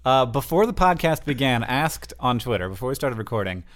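A man's voice: mid-range voice, very animated, fairly quick. A man co-hosting a podcast in casual chat, explaining his points with many fillers and restarts. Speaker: podcast co-host.

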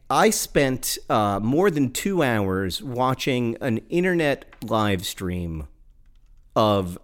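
A man from the American South co-hosting a casual talk show, wry and enthusiastic, with many fillers and restarts. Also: medium pitch. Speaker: podcast co-host. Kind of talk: casual chat.

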